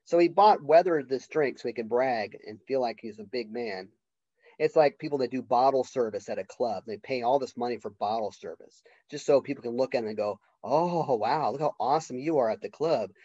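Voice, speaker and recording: A man's voice: mid-range voice, mellow, dry recording. Man lecturing casually, dull lo-fi sound. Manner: conversational, acts out characters' lines in quick voices. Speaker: college literature professor.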